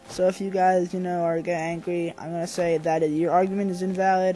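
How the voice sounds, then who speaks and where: A young man with a fairly high voice talks over his gameplay, goofy and rambling as he cracks jokes. He speaks into a desk microphone at home, with faint game music behind. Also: flat delivery, a little fast, hardly any pauses, warm tone. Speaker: gamer host. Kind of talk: let's play commentary.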